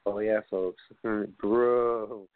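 A man's voice: on the low side, steady tone, extremely slow, no echo. A man hosting a wrestling podcast, rambling casually, reading off long lists and swearing now and then. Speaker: podcast host. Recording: tinny phone-like line, dry.

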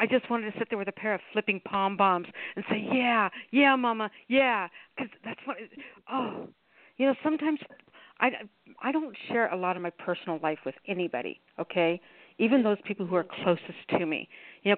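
A woman's voice: mid-range voice, lively intonation, a little fast, no room sound. A woman hosts a call-in radio show, rambling and affectionate with her callers. Her voice sounds dry and close. It comes over a tinny phone line. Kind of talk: casual radio call-in hosting.

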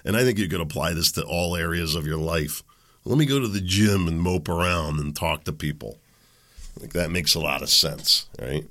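A man's voice: extremely low pitch, a bit bright. A middle-aged man hosting his own podcast, talking casually and frankly with lots of ums and asides. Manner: rambling, chatty, frank, with frequent ums and self-corrections. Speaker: podcast host. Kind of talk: casual solo podcast monologue.

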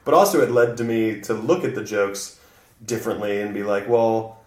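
Laid-back comedian, low voice, echoey room. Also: male voice, a little fast. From American South. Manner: relaxed, rambling, laughs often. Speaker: guest comedian. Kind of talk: casual podcast conversation. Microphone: far from mic. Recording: echoey room, distant mic.

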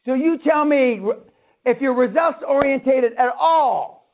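A man's voice: very high-pitched, a little slow. A man giving a blunt, profane motivational lecture at a seminar, swearing and ranting. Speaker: seminar speaker on radio. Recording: tinny phone-like line.

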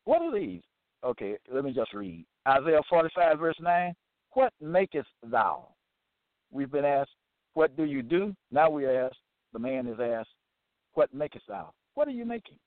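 A man reads scripture verses aloud and explains them, slow and emphatic, restating every question in plain words. His fairly high voice swings widely in pitch. The recording sounds thin and phone-like, with a dry, close sound. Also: sing-song, dry recording. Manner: deliberate, emphatic, repeats and restates each question. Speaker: host of a religious teaching episode.

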